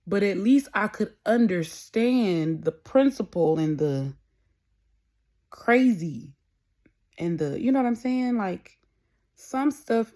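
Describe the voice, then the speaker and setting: In her casual solo podcast monologue, the young adult host rambles candidly and conversationally. She has a medium-pitched, dark-toned voice and sounds animated, speaking slowly with many pauses.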